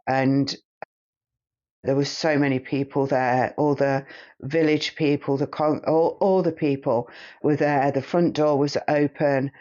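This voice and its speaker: A man recounting a past-life regression in the first person, in a halting, hesitant way as he searches for words, on a slightly muffled recording. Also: medium pitch, darkish tone, no room sound.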